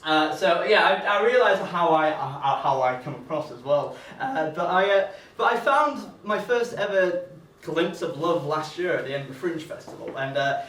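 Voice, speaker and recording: A man's voice: on the high side, animated, moderate pace, a bit bright, echoey room, recorded from a distance, slight background noise. A young man doing stand-up in front of an audience, hesitant, with lots of fillers and restarts, laughing often. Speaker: stand-up comedian. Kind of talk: stand-up comedy set. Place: comedy venue with live audience.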